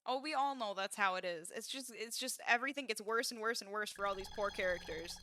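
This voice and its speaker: A woman's voice: medium pitch, fairly quick, bright, forceful tone. A woman streaming a game, chatting casually and swearing freely as she reacts. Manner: chatty, sweary, laughs at herself. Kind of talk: casual let's-play commentary.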